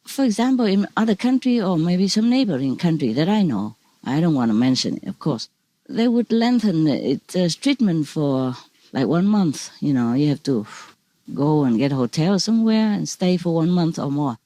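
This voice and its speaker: A woman's voice: sits low, very animated, warm tone, dry recording. A woman spiritual teacher speaking casually over a video call, telling stories in broken, repetitive phrasing with frequent laughs. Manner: broken, halting non-native phrasing.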